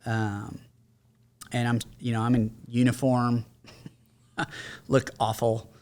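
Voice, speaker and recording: A man's voice: mid-range voice, flat delivery, slow, a little mellow. A middle-aged man, a combat veteran and podcast guest, telling his story in a candid, conversational way and acting out what others said. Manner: candid, conversational, mimics others in quoted lines. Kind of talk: casual storytelling.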